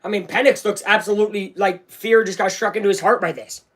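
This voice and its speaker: A young man calling a football game live for his viewers as an excited fan, talking straight to his audience. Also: high voice, fast. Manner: hyped, talks straight to viewers. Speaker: fan streamer doing live play-by-play.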